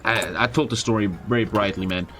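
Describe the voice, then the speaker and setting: A young man, a streamer, telling a story in casual, profane, expressive chat. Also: on the low side, fairly quick, music in the background. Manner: profane, expressive, frequent swearing.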